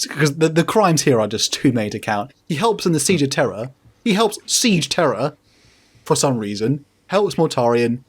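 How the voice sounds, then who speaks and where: A man on a podcast giving a joking, casual recap and playing each character in quick paraphrase, often laughing. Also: mid-range voice. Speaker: podcast host.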